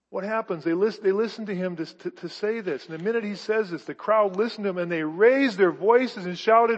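A high-pitched male pastor delivers a sermon, building to emphatic bursts and peppering it with rhetorical questions. His voice is starting to go hoarse. The sound is slightly dull and carries a long hall reverb. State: losing his voice.

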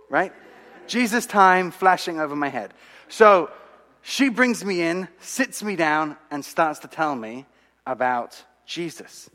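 A man's voice: a little high, unhurried. Man telling a testimony in a reverberant hall. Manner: animated, dramatic storytelling with asides to the audience. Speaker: speaker giving a testimony. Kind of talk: sermon-style storytelling.

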